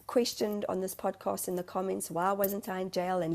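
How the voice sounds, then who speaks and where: A woman's voice: mid-range voice, steady tone, moderate pace, a little mellow. A talkative woman, a spiritual medium telling her story in a rambling, emotional way as a guest on an interview show. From South Africa. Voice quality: talkative, self-described motor mouth. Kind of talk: candid interview conversation.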